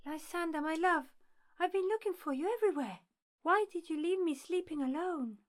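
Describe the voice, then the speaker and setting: Girl doing a heartbroken young woman begging her guy, super high voice. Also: normal speed. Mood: pleading. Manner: pleading, distraught.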